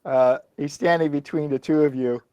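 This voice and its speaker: A man acting as game master, narrating a tabletop game in a halting way with fillers and chuckles. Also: on the high side, fairly even intonation, dark tone, smooth, no echo, dull audio.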